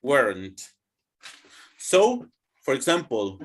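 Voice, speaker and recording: Male English teacher, young, higher voice, slow and animated drilling delivery. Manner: slow, drawn-out teaching with repeat-after-me drills. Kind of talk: online classroom lesson.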